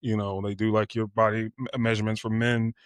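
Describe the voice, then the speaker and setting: A man's voice: lowish voice, flat delivery, fairly quick, dry recording. A man in his twenties telling a personal story candidly on a podcast, full of "you know" fillers. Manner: candid and reflective, with filler phrases. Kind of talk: casual storytelling.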